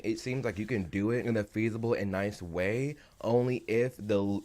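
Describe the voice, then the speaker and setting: A man's voice: on the low side, a little mellow. A man giving casual, opinionated commentary while reacting to videos on a live stream, talking emphatically.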